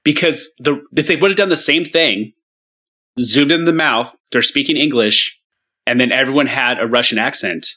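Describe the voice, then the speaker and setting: A man's voice: medium pitch, normal speed, sharp tone. An American man co-hosting a casual movie podcast, sarcastic and exasperated as he argues. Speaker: podcast co-host.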